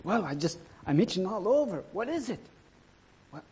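A man voicing frantic, itching Egyptian men in a storybook retelling, with shrill, frantic exclamations. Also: big pitch swings, moderate pace, darkish tone, breathy edge, full character voice. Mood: panicked.

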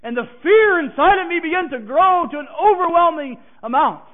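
A man preaching a personal testimony who swings from hushed, halting passages to emphatic declarations. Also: very high voice, lively intonation. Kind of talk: sermon testimony. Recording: tinny phone-like sound.

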